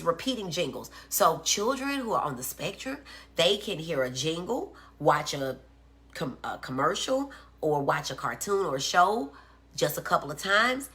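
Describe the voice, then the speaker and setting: A doctor teaching about autism gives a casual livestream lecture in a fairly low-pitched, sharp-toned female voice. She's chatty, explaining things, checking in with "okay?", and greeting viewers by name.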